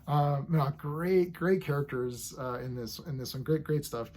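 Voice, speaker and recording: A man's voice: a little high, unhurried, a little mellow. A man casually reviewing a TV episode, rambling enthusiastically and acting out scenes as he goes.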